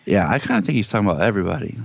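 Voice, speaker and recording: A man's voice: deep voice, expressive, rapid-fire, vocal fry. A man co-hosting a podcast, chatting casually and joking, acting out quotes in a raised voice. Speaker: podcast co-host. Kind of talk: casual TV review chat. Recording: dull dry lo-fi audio.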